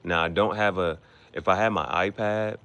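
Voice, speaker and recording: A man's voice: deep voice, steady tone, normal speed, a bit bright, clean tone. A man hosting his own show, talking in a casual, rambling monologue that repeats itself and drops in foreign words. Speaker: podcast host.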